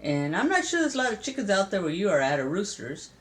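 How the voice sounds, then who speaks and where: Older woman, grandmother teaching a grandchild, playful and chatty, lively swooping pitch, laughs easily. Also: quick pace. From Southern California. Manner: playful, chatty, laughs often, imitates animal sounds. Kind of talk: casual spoken lesson to a child.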